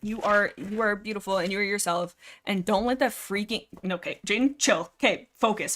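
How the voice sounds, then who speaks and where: A woman's voice: medium pitch, moderate pace. Rambling young woman livestreaming from Canada. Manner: rambling, animated, giggly, reads chat aloud. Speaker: livestream host. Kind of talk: casual livestream chat.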